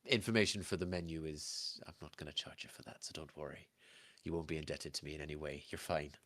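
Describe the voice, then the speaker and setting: Guy doing a fussy waitress, polite and chatty, really low voice. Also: fairly even intonation, fast, a bit bright. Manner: polite, fussy, explains at length. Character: brisk, chatty female waitress.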